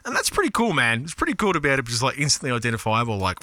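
A man with an Australian accent hosting a radio show in casual, rambling chat, reading out listener texts, excitable and swearing freely. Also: fairly high pitch, racing, few pauses, no room sound. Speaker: radio host. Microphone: studio broadcast mic.

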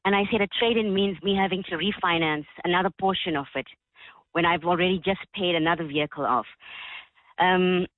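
A woman's voice: lowish voice, fast talker, no echo. A woman calling in to a radio show, emotional and upset as she explains her complaint. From South Africa. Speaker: caller. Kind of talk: radio phone-in call. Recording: tinny phone line.

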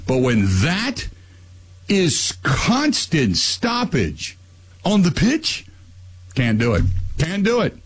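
Man, radio talk host, husky voice, lively swings in pitch, ranting. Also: takes it slowly, long pauses. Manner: animated, ranting, voice climbs high when worked up. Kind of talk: casual radio talk and rant.

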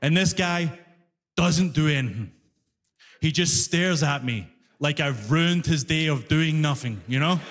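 A man performing a stand-up comedy set, telling stories with animated delivery and shouted punchlines on a comedy club stage. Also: a little high, measured pace. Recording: reverberant live room, faint ambience.

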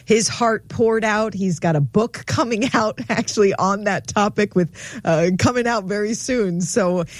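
A woman co-hosting a Christian call-in radio show, enthusiastic and quick to laugh, on a studio microphone. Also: medium pitch, dry recording. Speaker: radio co-host.

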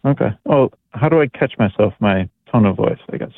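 A man's voice: on the low side, lively intonation, fairly quick, vocal fry, dry recording. A man calling in to a radio show with a question, speaking hesitantly and self-consciously. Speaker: radio caller. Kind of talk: call-in question. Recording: tinny phone line.

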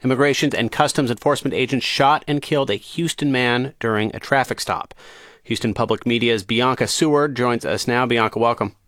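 Male news host, mid-range voice, calm conversational questions, dry close sound. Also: medium pitch, a little fast, no room sound. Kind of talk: radio news interview.

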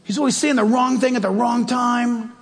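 Emphatic high-voiced preacher in a hall. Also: male voice, fairly even intonation, moderate pace. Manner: emphatic, conversational, asks the crowd questions. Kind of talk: sermon.

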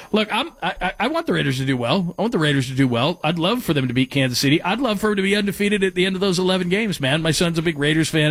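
On a sports talk radio show, a man with a voice on the high side chats casually into a studio microphone. He rambles and cuts himself off mid-sentence while reading listener texts, and there's no echo.

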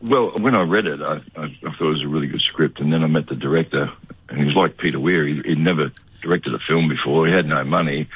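An older Australian actor, a man, telling stories in a relaxed, laconic way during a radio interview. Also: a bass voice, fast talker, husky, no echo, phone-quality sound. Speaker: actor guest.

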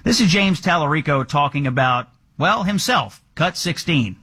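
A man's voice: fairly high pitch, lively intonation, normal speed, sharp tone, breathy edge. A man hosting a political talk show in a sardonic, mocking way. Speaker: host.

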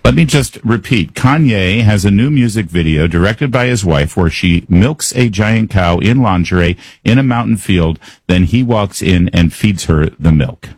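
Low husky sarcastic male talk host. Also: animated, normal speed, hardly any pauses, darkish tone, no echo. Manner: sarcastic, exasperated asides. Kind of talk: opinionated news commentary.

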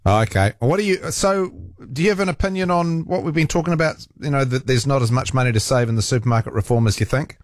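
A man's voice: medium pitch, fast talker, few pauses, no echo, clean studio sound. A man hosting talkback radio, chatty and jokey, taking calls and reading out texts. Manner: lively, chatty, jokey, prone to restarts. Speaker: radio host. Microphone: studio microphone.

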